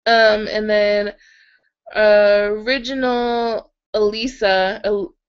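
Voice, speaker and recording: A young woman hosts a casual livestream from her bed at home, reading viewer comments in a chatty, giggly way with many "like"s and little laughs. Her smooth, medium-pitched voice moves little in pitch, she speaks slowly, she has a slightly sore throat, and the webcam sound is dull.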